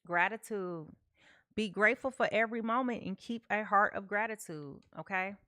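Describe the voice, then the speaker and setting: A woman's voice: medium pitch, normal speed, bright, forceful tone, no echo, clean studio sound. A woman giving a live tarot reading, chatty, often checking in with "okay?" and talking to her viewers. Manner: chatty, repeats "okay?" often, talks to chat. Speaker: tarot reader.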